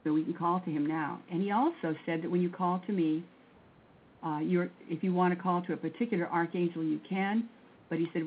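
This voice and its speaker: A woman leading a guided breathing and mantra prayer session in a slow, measured way, counting aloud. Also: lowish voice, fairly even intonation. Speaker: prayer and meditation leader. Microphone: phone line. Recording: tinny phone line with faint noise.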